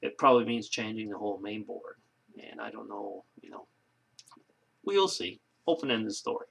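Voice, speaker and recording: Gravelly, bright-toned man vlogging. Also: fairly low pitch, animated, moderate pace. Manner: rambling, joke-telling, many fillers and restarts. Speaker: video blogger. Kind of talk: casual vlog chat.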